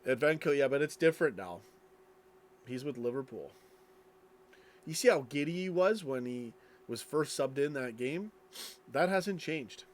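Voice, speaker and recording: A man's voice: mid-range voice, lively intonation, unhurried, pauses often. A tired man streaming late at night, reading chat and rambling casually, yawning as he talks. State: sleepy, yawning.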